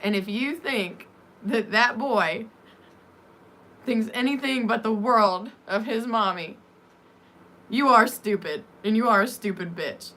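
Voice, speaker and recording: A woman's voice: on the high side, takes it slowly, pauses often, bright, forceful tone. A woman doing a blunt, swearing male friend. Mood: blunt scolding. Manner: blunt, coarse, scolding with a put-on accent.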